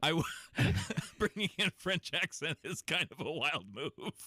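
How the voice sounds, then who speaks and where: A podcast co-host chatting casually, reacting quickly and laughing often. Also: mid-range voice, lively intonation, sharp tone, no echo. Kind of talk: casual chat.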